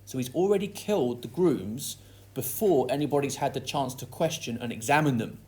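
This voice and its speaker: A man's voice: medium pitch, lively intonation, moderate pace, a little mellow. A man teaching a lesson that analyses a play, reading quoted lines aloud with dramatic stress before explaining them. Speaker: English literature teacher.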